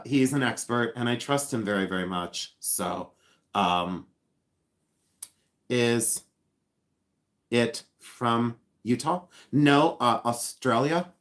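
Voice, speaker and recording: A talkative man hosting a live stream, excitable and loose, restarting sentences as he thinks aloud. His pitch sits right in the ordinary middle for a man. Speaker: livestream host and reseller. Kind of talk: casual live-stream chat reading viewer comments.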